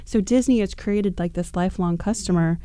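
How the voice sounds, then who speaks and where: Chatty woman on a podcast, mellow low voice, lots of "like" and "um", dry sound. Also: brisk, dry recording. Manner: animated, chatty, full of fillers. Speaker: podcast guest. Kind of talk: casual podcast storytelling.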